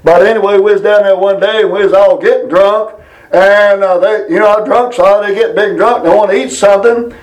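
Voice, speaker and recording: A middle-aged man giving a casual Bible lesson, rambling through folksy stories and reading scripture slowly. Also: high voice, steady tone, poor audio. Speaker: Bible teacher.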